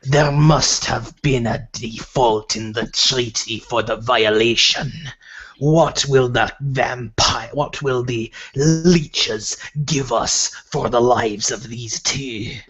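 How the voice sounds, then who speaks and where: Player doing a gruff werewolf elder, slow and husky, muffled lo-fi sound. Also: male voice, medium pitch, fairly bright tone. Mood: menacing. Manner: gruff put-on accent, threatening. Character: stern, menacing male werewolf elder. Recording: muffled lo-fi recording.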